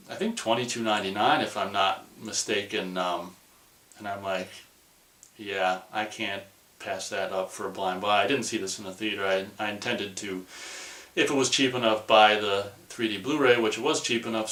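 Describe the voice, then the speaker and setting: A man with a fairly low voice talks through a movie review in a loose, rambling way. He sounds dismissive and keeps restarting his sentences. The room around him is echoey. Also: fairly bright tone, distant mic. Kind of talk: casual rambling video review.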